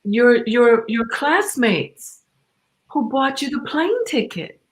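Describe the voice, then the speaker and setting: A woman's voice: on the high side, sing-song, takes it slowly. A woman singer chats over a video call. She responds to a story with emphatic, affirming reactions. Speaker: guest vocalist. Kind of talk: casual chat.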